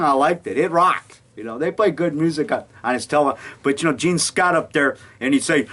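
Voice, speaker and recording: A man's voice: a little high, fairly bright tone. A middle-aged man talking casually at home, telling stories with lots of chuckles and acted-out quotes. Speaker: amateur filmmaker. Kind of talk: casual rambling monologue. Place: home basement.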